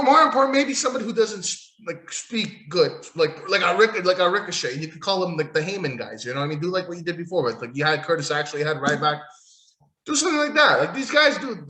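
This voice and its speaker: A man's voice: a little high, pushed and bright, roomy sound. A man hosting a solo wrestling podcast, ranting in a profane, sarcastic, rambling way while losing his voice. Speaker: podcast host.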